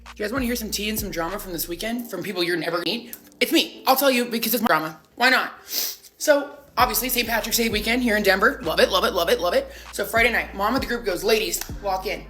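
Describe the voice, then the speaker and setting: Animated woman telling a party story. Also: medium pitch, fast, soft background music. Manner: animated, acts out quotes in exaggerated voices. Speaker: social media storyteller. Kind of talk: casual storytime to camera. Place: home in Denver.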